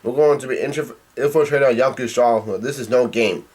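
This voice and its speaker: A man reads a serious male warrior from a comic, stern and to the point. He keeps his own plain voice and a brisk pace. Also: mid-range voice, darkish tone, slightly rough, close to an everyday voice. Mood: scolding. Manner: reads the lines in his everyday voice.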